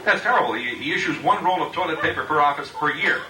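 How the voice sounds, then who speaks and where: A middle-aged man giving a joking roast speech at a party, halting with many uhs and laughing at his own jokes. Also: a little high, expressive, crowd noise. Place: party room with guests. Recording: echoey room, distant mic, background noise.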